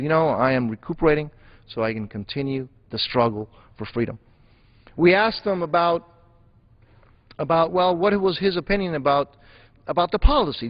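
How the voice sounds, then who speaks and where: A man's voice: medium pitch, lo-fi sound. A man giving a floor speech as a member of Congress, emphatic and repeating phrases for stress. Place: legislative chamber.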